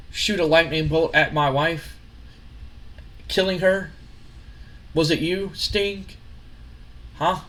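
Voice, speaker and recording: A man voicing a furious older male wrestling company boss who demands revenge and shouts threats. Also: fairly high pitch, voice pushed up, natural voice.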